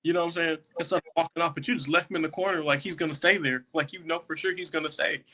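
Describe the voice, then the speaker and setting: A man's voice: fairly high pitch, fairly even intonation, very fast, sharp tone. A young man, a jail deputy and podcast guest, telling a story casually and laughing often as he goes. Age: young adult.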